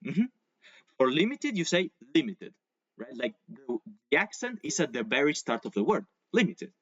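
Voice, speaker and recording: A man whose first language is Spanish teaches English over a video call. He explains patiently with examples and drawn-out pronunciation. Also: mid-range voice, big pitch swings, fairly bright tone, slightly rough, muffled recording. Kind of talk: online English lesson.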